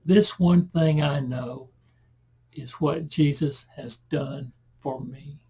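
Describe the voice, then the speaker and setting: A man giving a verse-by-verse Bible lesson in a conversational manner. He reads the scripture louder and breaks into chatty asides. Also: on the high side, slow pace, slightly rough. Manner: conversational, loud when reading scripture aloud, asides and self-corrections. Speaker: Bible teacher.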